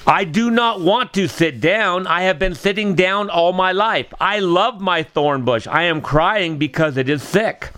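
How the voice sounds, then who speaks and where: A man reading aloud, voicing a tearful old woman who loves her thorn bush, in a slow, emotional, pleading way. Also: sits high, pushed and bright, pitched above the performer's own voice.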